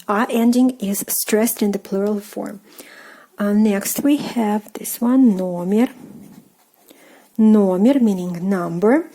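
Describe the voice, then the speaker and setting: Russian-accented female teacher, slow and patient, warm mellow tone, hesitant fillers. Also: medium pitch. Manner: patient, hesitant, many fillers, repeats each word slowly. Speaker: language teacher. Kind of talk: slow, careful language lesson.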